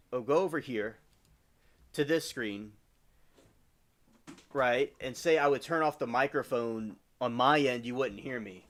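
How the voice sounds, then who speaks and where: Male livestream host, casual and halting, restarts often, mid-range voice. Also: medium pitch, fairly bright tone. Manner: halting reading, stumbles over words. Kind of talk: casual stream chat and reading aloud.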